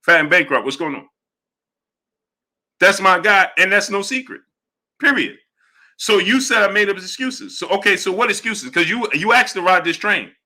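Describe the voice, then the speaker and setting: Guy on a boxing livestream, bright sharp voice, kinda high, calling out chatters. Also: animated, moderate pace, pauses often. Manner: combative, challenges chatters, shouts out viewers. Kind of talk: live-stream chat, reading donations.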